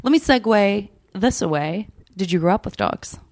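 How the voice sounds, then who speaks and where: A woman's voice: mid-range voice, expressive, moderate pace, a little mellow. A young woman hosting a podcast in casual chat, telling a story with many restarts and easy laughter. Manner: chatty, hesitant restarts, laughs easily. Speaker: podcast host.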